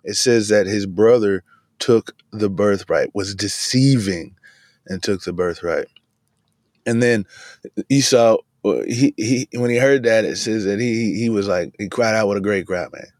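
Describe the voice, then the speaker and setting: Laid-back man with a low voice, chatting. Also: measured pace, dry recording, clean studio sound. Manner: relaxed and chatty, says "man" often. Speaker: podcast host. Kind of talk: casual devotional bible talk. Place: inside a van. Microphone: video camera in a van.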